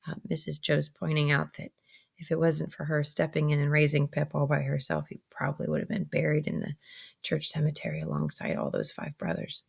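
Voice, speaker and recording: A woman's voice: low voice, a little fast, creaky, husky. A woman teacher reading a novel aloud and stopping to explain vocabulary, with frequent ums.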